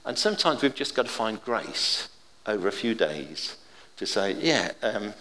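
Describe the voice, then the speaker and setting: An older man giving an informal, chatty sermon with gentle humour and family anecdotes. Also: lowish voice, very animated, a little slow, big-room sound.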